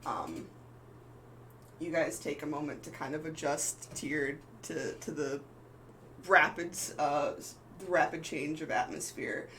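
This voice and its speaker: A woman's voice: low voice, steady tone, unhurried, fairly bright tone, a little hiss or hum, poor audio. A woman narrating as game master of a tabletop game, hesitant and full of ums and restarts.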